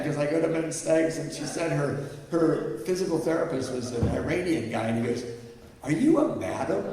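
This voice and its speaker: A middle-aged man speaking as a guest at a recovery meeting, telling a personal story in a candid, self-deprecating way. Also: a little high. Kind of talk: personal story told to an audience. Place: large hall with an audience. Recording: echoey hall, mic heard from far off.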